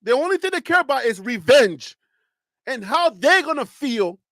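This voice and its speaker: Male sports stream host, very high voice, dry close sound, preachy and emphatic. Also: very animated, normal speed, fairly bright tone, no echo. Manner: emphatic, lecturing advice. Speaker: sports talk show host. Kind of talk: live-stream commentary.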